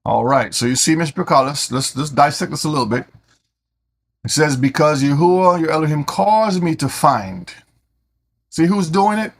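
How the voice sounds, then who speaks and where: A man teaching scripture in an animated way, often repeating words as he starts a sentence. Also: a little high, moderate pace. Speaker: Bible teacher.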